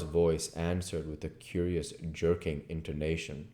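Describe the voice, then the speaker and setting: A man reading a classic novel aloud as audiobook narration. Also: low-pitched. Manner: slow, expressive reading. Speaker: audiobook reader.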